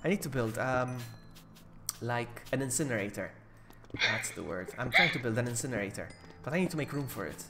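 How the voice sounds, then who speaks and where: A man's voice: medium pitch, lively intonation, a little fast, over loud music. A man co-hosting a game livestream, chatting casually, laughing a lot and yelping when startled. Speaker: co-host playing along. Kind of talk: casual live gameplay chat.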